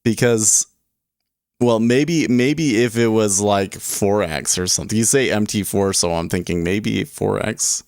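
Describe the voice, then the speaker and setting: A man's voice: lowish voice, measured pace, a little mellow, no echo, studio quality. A man hosting a day trading livestream, rambling casually and chuckling as he reads chat aloud.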